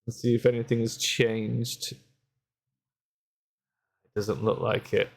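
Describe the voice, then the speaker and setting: A man's voice: fairly low pitch, steady tone, unhurried, creaky, long pauses, background noise. A man streaming a video game, making offhand, muttering asides. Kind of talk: casual gameplay commentary.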